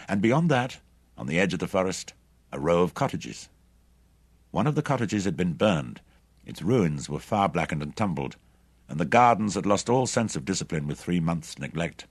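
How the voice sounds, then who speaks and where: A man narrating an adventure audiobook in a measured, steady reading. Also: low voice, breathy edge, dry recording. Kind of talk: scripted narration.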